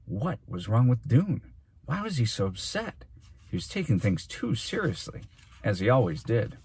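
A man, a teacher, reading a children's novel aloud in steady storytelling narration. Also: mid-range voice, moderate pace, breathy edge, no echo.

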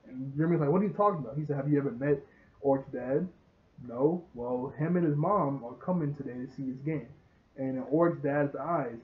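Rambling young man, tinny phone-like sound. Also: fairly high pitch. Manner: rambling, laughs often, acts out dialogue. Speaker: show reviewer. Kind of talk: casual rambling recap.

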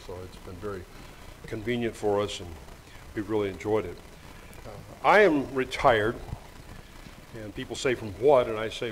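An older man delivering a Sunday sermon in a church, joking lightly and reading scripture slowly. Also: medium pitch, slight background noise, poor audio. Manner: folksy, joking asides, reads scripture slowly. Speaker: preacher. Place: church sanctuary. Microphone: microphone with monitor.

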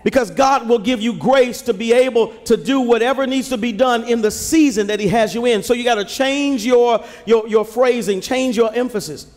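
A male pastor preaching a sermon from the pulpit, building to shouts and calling on the congregation to answer him. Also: extremely high pitch, normal speed, few pauses. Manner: preaching with rising shouts and call-and-response to the congregation. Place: large church sanctuary. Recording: live church recording with long hall reverb.

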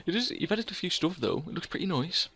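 A man doing excitable game commentary, humming sound effects and theme music as he plays. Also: sits high, fast talker, husky. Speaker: let's play gamer.

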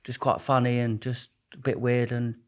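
A young man with a mid-range voice and little pitch movement speaks at normal speed. As a podcast guest in a casual storytelling interview, he rambles in slang, swearing plenty and often restarting.

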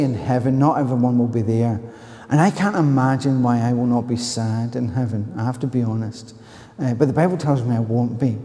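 Glaswegian preacher, male, animated storyteller, mid pitch, echoing church hall. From Scotland. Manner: animated storytelling, bursts into loud higher-pitched retorts. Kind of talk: sermon with personal story. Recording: long reverb of a church hall.

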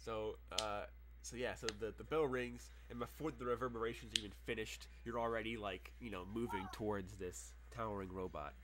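A young man with a lowish voice narrates a tabletop game as game master. He talks in loose, halting bursts packed with "like" and "uh." His delivery is casual and unscripted. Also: steady tone, background noise. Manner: halting, filler-heavy narration.

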